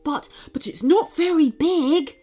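A woman's voice: high voice, slow pace, mellow, faint music behind, pitched above the performer's own voice. A woman voicing a clumsy, hungry, good-natured male bear who sounds bumbling and eager.

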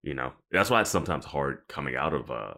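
A man's voice: rumbling low, animated, fast talker, gravelly, pushed and bright. A man co-hosting a podcast, talking casually in a rambling way with lots of fillers. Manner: rambling, filler-heavy, laughs often. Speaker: podcast co-host. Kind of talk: casual chat.

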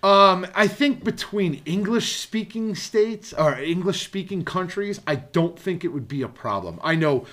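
A man's voice: high-pitched, animated, a little slow, hardly any pauses, a bit bright. A man co-hosting a podcast in casual chat, rambling and cursing freely as he jokes with his co-hosts. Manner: rambling, profane, jokey. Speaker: podcast co-host.

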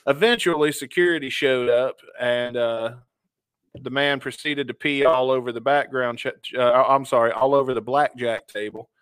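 A man with a smooth, resonant voice co-hosts a casual podcast, reading out listener stories in an easy, laid-back way. The sound is dry and close, with no room around it. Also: mid-range voice, steady tone, moderate pace, fairly bright tone, no echo. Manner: laid-back, reads stories aloud and ranks them, chuckling. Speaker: podcast co-host.

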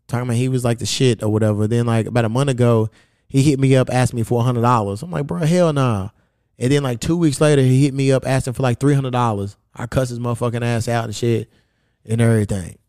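A man's voice: medium pitch, fairly even intonation, quick pace, a little mellow, clear, resonant tone, no room sound, studio quality. Blunt, profane man hosting a podcast. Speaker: podcast host. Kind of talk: casual chat.

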